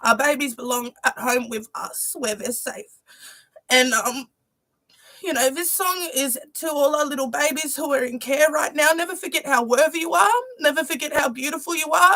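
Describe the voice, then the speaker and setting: A young woman with a somewhat high voice speaks to her viewers on a livestream. Her talk is earnest and heartfelt, and she keeps falling back on "you know". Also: moderate pace, sharp tone, no echo. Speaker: musician presenting her music video premiere.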